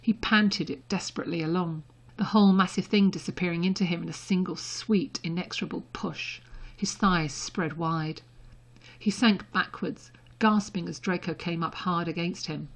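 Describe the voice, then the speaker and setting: A woman reads a story aloud in a soft, intimate audiobook delivery. Her voice sits low, with a husky, breathy grain. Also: moderate pace. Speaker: reader. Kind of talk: audiobook narration.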